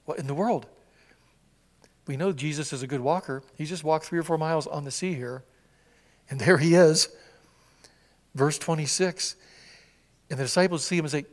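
A man preaching a sermon in a church, acting out scripture quotes with sudden swings from loud cries to hushed whispers. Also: fairly high pitch, normal speed, pauses often, in a large hall. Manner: animated, acts out quotes with swings from shouts to whispers. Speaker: pastor. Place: church sanctuary.

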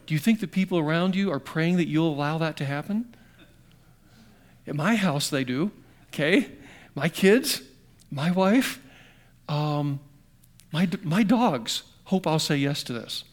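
A middle-aged man preaching a sermon conversationally, asking his congregation questions and swinging between emphatic bursts and quiet, slowed passages. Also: fairly high pitch. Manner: conversational, asks the audience questions. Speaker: pastor.

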